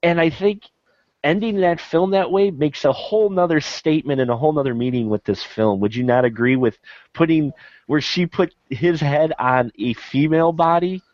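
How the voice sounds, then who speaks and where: A man with a slightly high voice hosts a casual film podcast, laughing often as he questions his guests. The sound is dry and a little muffled. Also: normal speed, a little mellow, no echo. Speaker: podcast host. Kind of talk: casual movie discussion.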